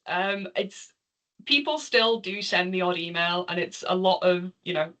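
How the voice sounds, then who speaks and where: A woman's voice: fairly low pitch, fairly bright tone. A woman with an English accent from near Liverpool, giving a chatty online talk and taking questions. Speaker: conference speaker. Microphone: video call. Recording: slightly dull video call audio.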